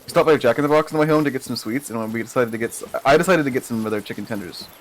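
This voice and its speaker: A man's voice: mid-range voice, rapid-fire, a little hiss or hum. A young man chatting casually on a live stream, rambling with restarts as he tells a story. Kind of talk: casual chat. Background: game music.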